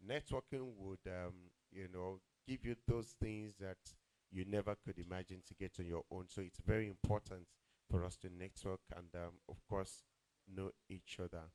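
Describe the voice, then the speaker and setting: A man's voice: sits low, fairly even intonation, moderate pace, warm tone. A man with a Yoruba Nigerian accent hosting an event as master of ceremonies, joking and teasing the crowd with Yoruba asides.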